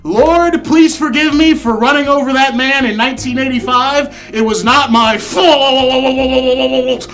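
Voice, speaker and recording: A man voicing a goofy, bumbling male cow in an improv comedy scene, with loud, exaggerated put-on regional accents. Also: high voice, moderate pace. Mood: rambling.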